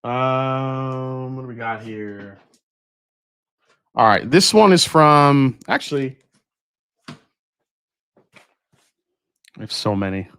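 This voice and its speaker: A man's voice: medium pitch, takes it slowly, pauses often, fairly bright tone, clear, resonant tone, dry recording. A man hosting a casual live stream, unboxing bottles and answering chat as he thinks aloud with fillers and restarts.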